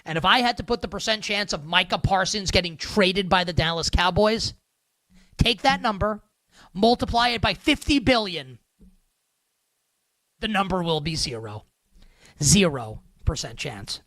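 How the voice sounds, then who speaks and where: Young male sports-betting host, rambling sarcastic commentary, bright tone, dry booth sound. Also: sits high, expressive, a little slow, long pauses, dry recording. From northern United States. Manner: rambling, filler-heavy, sarcastic.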